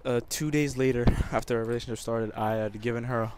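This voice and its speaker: A man's voice: mid-range voice, fairly even intonation, brisk, noisy background. A young man telling a personal story over gameplay commentary, emotional and rambling, with many restarts. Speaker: gamer.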